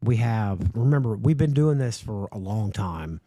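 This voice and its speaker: A man's voice: fairly low pitch, expressive, moderate pace, dark tone, no room sound, studio quality. A man hosting a livestream, ranting in a profane, mocking and heated way. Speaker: livestream host.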